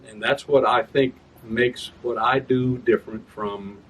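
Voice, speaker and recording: Man, casual talk to audience, self-correcting, slow, far from the mic. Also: medium pitch, steady tone, a bit bright. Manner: chatty, explains with rhythm sounds, self-corrects. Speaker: author giving a reading. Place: reading event room. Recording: distant mic with room ambience.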